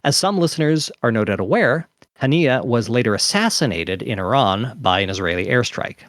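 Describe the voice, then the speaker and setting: A man's voice: medium pitch, animated, moderate pace, fairly bright tone, no echo. A man hosts a casual podcast in an earnest voice that rises and falls a lot. His sound is dry and close, with no room around it. He often restarts his sentences as he talks. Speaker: podcast host.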